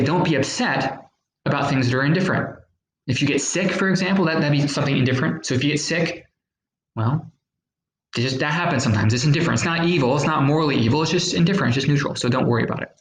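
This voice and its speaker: A man's voice: on the high side, reverberant, slight background noise, rough recording. A man teaching a recorded history lesson, explaining patiently with fillers and acting out little examples.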